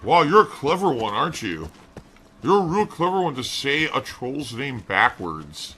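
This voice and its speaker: A man's voice: mid-range voice, very animated, measured pace, bright, forceful tone, a little hiss or hum. A man hosting a reaction commentary show, mocking and sarcastic, swearing freely over faint music. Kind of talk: reaction commentary on stream clips.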